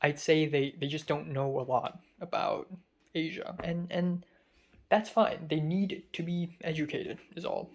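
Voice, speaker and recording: A man's voice: fairly high pitch, steady tone, a little slow. Chatty young man rambling. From Hong Kong. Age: young adult. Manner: chatty, self-deprecating, rambling asides. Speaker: film student vlogger. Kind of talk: casual storytelling monologue.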